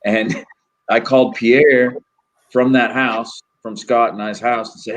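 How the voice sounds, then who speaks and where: A man's voice: medium pitch, flat delivery, takes it slowly, rough recording. A man hosting a casual chat and telling a profane, rambling story with lots of energy. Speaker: host.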